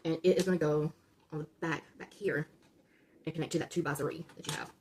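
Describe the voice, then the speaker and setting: A woman's voice: low voice, steady tone, brisk, a little mellow, a little hiss or hum. A woman hosting a casual build-along, talking viewers through each step, often checking in with "okay?" and stumbling over numbers and correcting herself. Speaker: LEGO build-along host.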